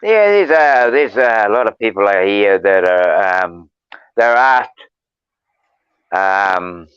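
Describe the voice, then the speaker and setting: Low-voiced New Zealand man, dull sound. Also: animated, fairly bright tone, smooth, no echo. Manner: halting, many restarts and fillers. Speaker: podcast guest, stonemason. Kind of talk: casual storytelling chat.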